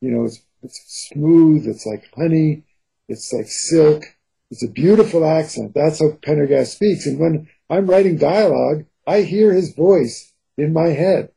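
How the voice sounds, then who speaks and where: A man's voice: on the high side, unhurried, vocal fry, dark tone, breathy edge, rough recording. A novelist speaking earnestly in an interview, describing how he hears his characters. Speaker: novelist and co-author. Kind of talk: interview conversation.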